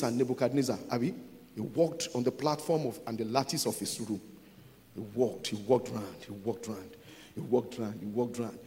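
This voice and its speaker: A man's voice: mid-range voice, a little mellow, big-room sound. A Nigerian man preaching a sermon as a pastor, repeating phrases for emphasis.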